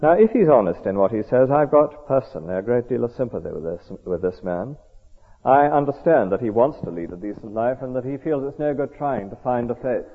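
A man preaching a sermon in an earnest, measured, conversational way. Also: mid-range voice, expressive, breathy edge. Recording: tinny echoey hall recording.

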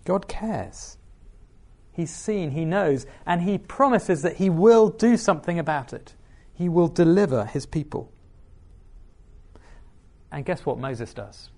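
Lively, animated male preacher. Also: on the high side, slow pace, gravelly. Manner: asks the listeners questions, expressive reading of scripture. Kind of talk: sermon.

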